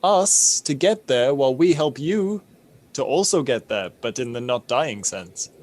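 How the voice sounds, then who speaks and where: A man's voice: medium pitch, lively intonation, unhurried, a little mellow. Casual, dry-humored male player. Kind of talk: tabletop role-play.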